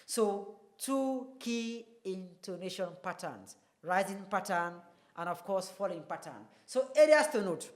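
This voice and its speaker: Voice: medium pitch, expressive, measured pace. A teacher leads a televised English lesson, explaining each point and then asking the class rhetorical questions. The voice carries a roomy echo.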